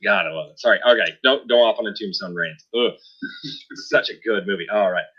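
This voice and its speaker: Rambling low-voiced man, bright lo-fi sound. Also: fairly quick, breathy edge. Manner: apologetic, rambling with fillers. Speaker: host. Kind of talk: casual stream chat.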